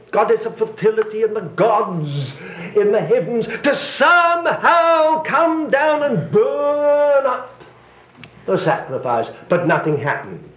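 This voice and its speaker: An older male preacher giving a sermon, telling stories with dry humor. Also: high-pitched. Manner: lively storytelling with dry humor and chuckles. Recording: roomy, dull, slightly noisy hall recording.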